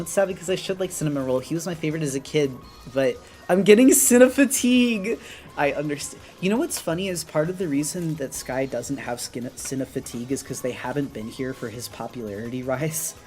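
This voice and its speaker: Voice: medium pitch, a little mellow. A streamer chatting casually while drawing, rambling with lots of fillers and restarts. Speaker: art streamer. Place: apartment on an upper floor.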